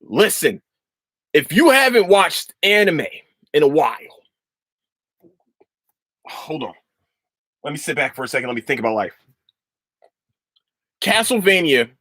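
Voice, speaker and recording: A man hosting a casual podcast, talking in a loose, profane ramble full of restarts. His fairly high voice swings widely up and down as he gets worked up. The sound is close and dry, with no room echo. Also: a bit bright. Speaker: podcast host.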